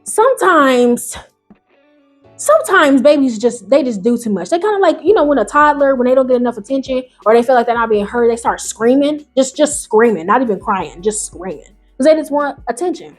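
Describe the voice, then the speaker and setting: A woman hosting a video, reading online stories aloud and reacting in animated, slangy, casual talk, jumping between loud high bursts and low mutters. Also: brisk, faint music behind. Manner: animated, slangy, talks back to the story. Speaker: YouTube host.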